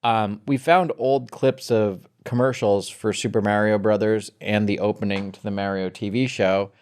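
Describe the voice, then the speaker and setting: Wry low-voiced male co-host. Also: steady tone, normal speed, a little mellow, clear, resonant tone. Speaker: podcast co-host. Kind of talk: casual chat.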